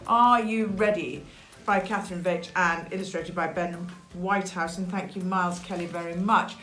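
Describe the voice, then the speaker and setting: A woman reading a children's picture book aloud, lively, with chatty asides. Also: fairly low pitch, normal speed. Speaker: storyteller. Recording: echoey room.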